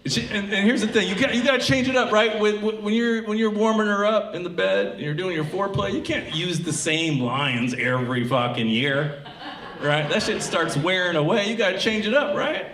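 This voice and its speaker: A man from Tacoma doing a profane, animated stand-up comedy set on a live theatre stage. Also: high-pitched, moderate pace. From Tacoma, Washington. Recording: echoey live theatre with crowd laughter. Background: audience laughing and clapping.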